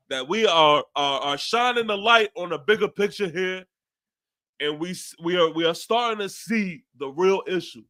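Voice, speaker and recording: A young man with a New York accent hosts a fan podcast and rants after a loss, his voice sitting high, pushed, and bright. He's emphatic and keeps repeating his phrases.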